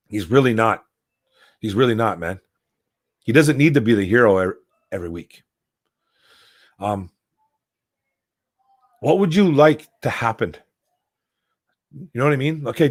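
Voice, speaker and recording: A man's voice: lowish voice, no echo, studio quality. A man hosting a casual sports talk show, ranting heatedly and repeating "man" and "bro.".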